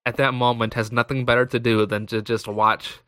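A man's voice: mid-range voice, level tone, brisk, pushed and bright, no room sound. Joking man hosting a podcast, dry sound. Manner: joking, teasing, laughs often. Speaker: podcast host. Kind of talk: casual podcast chat.

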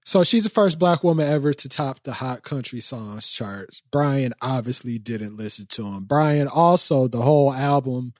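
A man's voice: medium pitch, lively intonation, normal speed, hardly any pauses, a little mellow, no room sound, studio quality. A man hosting a podcast in casual chat, teasing his co-hosts with lots of slang. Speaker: podcast host.

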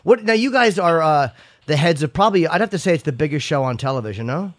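Male radio host, slightly high voice, dry close-miked studio, joking and self-deprecating. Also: lively intonation, fast, no echo. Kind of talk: casual radio chat.

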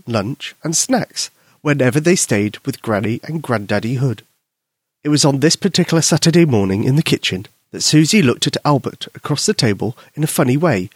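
A man gently and expressively reading a children's bedtime story aloud. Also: mid-range voice, breathy edge, no echo, studio quality. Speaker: narrator.

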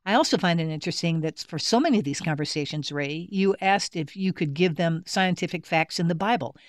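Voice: medium pitch, a little fast, dry recording, clean studio sound. Enthusiastic interview host. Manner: enthusiastic, long set-up questions, praises the guest. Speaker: radio show host.

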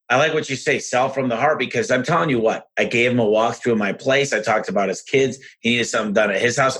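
A man hosting a podcast and telling business stories in an energetic, frank, rambling way. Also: mid-range voice, breathy edge. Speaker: podcast host and business owner. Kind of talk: casual conversational storytelling.

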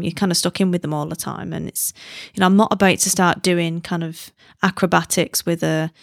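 A woman in her thirties hosts a podcast, chatting casually and rambling off into giddy tangents. Her fairly low, gravelly voice is recorded with clean studio sound and no room noise.

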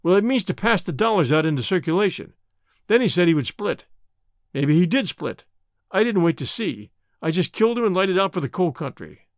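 A man reading an audiobook, voicing a bold, calm young outlaw who gives quick, cool replies. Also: high-pitched, no echo, studio quality. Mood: confiding.

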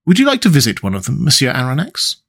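A man's voice: medium pitch, wildly swooping pitch, quick pace, fairly bright tone, exaggerated voice. A man voicing a mysterious, commanding sea captain who speaks with courteous, careless assurance in an audiobook. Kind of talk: audiobook character reading.

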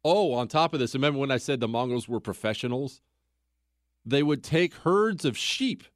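A man's voice: medium pitch, animated, moderate pace, dry recording, clean studio sound. A man hosting a podcast who tells history casually and conversationally, full of rhetorical questions. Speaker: podcast host.

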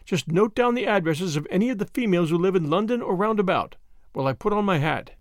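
A man voicing an eager, impatient young woman detective who talks in a lively, plucky way. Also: sits high, fast, no room sound, clean studio sound.

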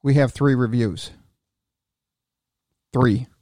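A man's voice: mid-range voice, steady tone, moderate pace, darkish tone, no echo, clean studio sound. A man hosting a casual podcast chat, rambling a little with restarts and fillers. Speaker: podcast host.

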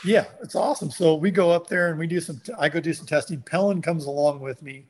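A man telling a long story in casual conversation, animated and acting out what others said. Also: on the high side, quick pace. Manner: animated, acts out quotes of others. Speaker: guest.

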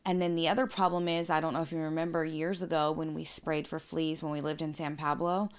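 A woman's voice: sits low, brisk, clear, resonant tone. A mother, chatting casually and telling stories full of swearing. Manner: profane, animated storyteller. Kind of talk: casual chat.

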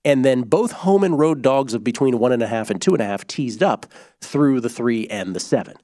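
A man hosting a sports betting podcast, explaining bets in an animated, casual way with quick asides. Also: medium pitch, no room sound, clean studio sound.

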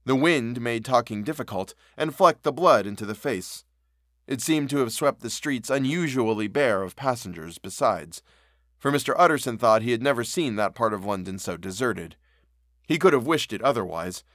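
A man reading a classic story aloud as narrator, in steady, measured storytelling. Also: mid-range voice, dry recording, clean studio sound.

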